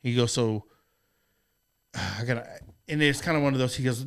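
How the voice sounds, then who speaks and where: A man in middle age talks casually on a podcast, winding through a story with plenty of swearing and restarts. His voice sits at an ordinary pitch, and he sounds sincere rather than polished. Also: moderate pace, long pauses, smooth. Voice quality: profane, rambling, earnest. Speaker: podcast co-host.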